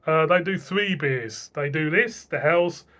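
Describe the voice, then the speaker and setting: A middle-aged man from England talks through a beer review in a loose, rambling way, chuckling now and then. His voice sits a little higher than most men's. He sounds like an easygoing home vlogger. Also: measured pace, sharp tone. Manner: chatty, rambling, chuckles to himself. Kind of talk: casual beer review vlog.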